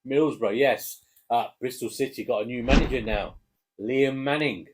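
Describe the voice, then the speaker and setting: Relaxed English dad chatting football. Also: male voice, mid-range voice, normal speed, slightly rough. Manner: relaxed, hesitant with fillers, chuckling. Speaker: co-host giving match predictions. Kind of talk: casual chat.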